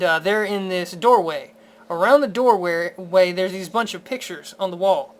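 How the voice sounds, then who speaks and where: Incredulous, profane man ranting about a film. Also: high-pitched. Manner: incredulous, profane, stammering restarts, laughing. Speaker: film reviewer. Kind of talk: casual spoken rant.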